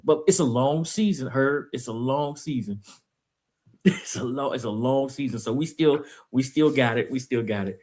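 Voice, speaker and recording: A man's voice: mid-range voice, normal speed, darkish tone. A man hosting a sports podcast in casual chat, laid-back as he plugs the show. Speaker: podcast host.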